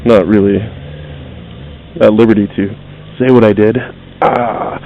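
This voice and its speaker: A man's voice: lowish voice, steady tone, a little slow, vocal fry, phone-quality sound. A man telling a casual, rambling, profane story while driving his car. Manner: rambling, profane, self-deprecating. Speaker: vlogger.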